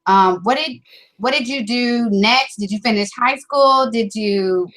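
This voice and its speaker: Female host, slightly high pitch, crisp bright tone, sympathetic and attentive questioner. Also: unhurried. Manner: sympathetic, responsive interjections. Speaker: interview host. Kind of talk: interview questions.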